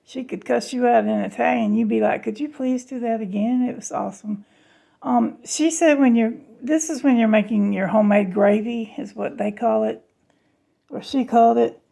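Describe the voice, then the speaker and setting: A woman's voice: a little high, steady tone, moderate pace, gravelly, mellow. A woman chatting casually to her viewers in a home cooking vlog, folksy and half awake. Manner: chatty, folksy, talks to viewers as y'all and honey. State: just woke up, half awake. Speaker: home cook vlogger.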